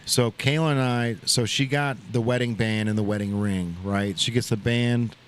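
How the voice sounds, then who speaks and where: A man's voice: medium pitch, fairly even intonation, moderate pace, slight background noise. Rambling man telling a story, casual chat. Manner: rambling storyteller, heavy on "like" and "bro". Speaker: podcast host. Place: open shop at a riverside shopping center.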